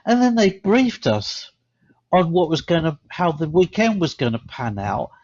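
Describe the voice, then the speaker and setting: A man co-hosting a podcast, telling rambling stories in a casual chat that grow animated. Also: fairly high pitch, measured pace. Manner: rambling storyteller, animated when telling a story. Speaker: podcast co-host. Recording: slightly dull lo-fi sound.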